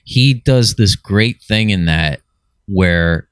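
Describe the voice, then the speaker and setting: Brief: forties man, low voice, dry close sound, casual film chat. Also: expressive, slow pace, clear, resonant tone, no room sound. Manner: enthusiastic, rambling with restarts. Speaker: podcast co-host. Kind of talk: casual chat about films.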